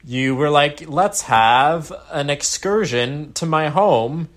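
A man's voice: fairly high pitch, slow pace, a bit bright. Young man telling a profane story. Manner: swearing, dramatic storyteller. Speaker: podcast co-host. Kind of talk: casual chat. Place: dad's house in Florida.

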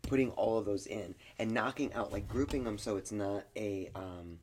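A woman's voice: very deep voice, moderate pace, a crowd in the background. A woman co-hosting a podcast in casual chat, candid and joking, laughing often. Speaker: podcast co-host.

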